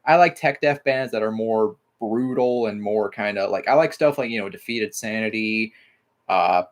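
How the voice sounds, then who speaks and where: A livestream host from Mississippi rambles casually, filling his talk with lots of "like" and casual swearing. His voice is on the low side at a normal speed.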